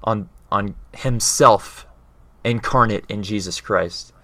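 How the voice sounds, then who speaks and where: Male speaker with a fairly low voice, earnest and conversational, explains ideas and often pauses to check in with his listener. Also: pushed and bright, dry recording. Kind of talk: casual explanatory talk.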